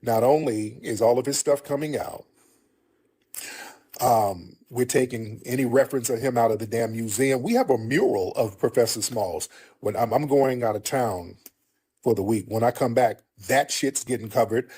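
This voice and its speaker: A man with a warm, mellow voice hosts a heated livestream. He keeps mocking and talking down to the person on the other end, repeating the same jabs over and over. His pitch sits in the middle. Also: moderate pace, slightly rough. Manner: mocking, repeats himself, talks down to a caller. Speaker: streamer host.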